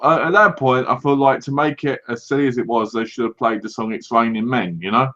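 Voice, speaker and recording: A man co-hosting a movie review, retelling scenes in a lively way and often laughing. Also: medium pitch, a little fast. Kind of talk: casual chat. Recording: dull lo-fi home recording.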